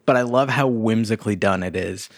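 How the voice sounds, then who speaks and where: A man co-hosting a podcast, chatting about a film in a relaxed, reflective way with many "like" fillers. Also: fairly low pitch, a little fast, no room sound. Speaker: podcast co-host. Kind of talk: casual movie review chat.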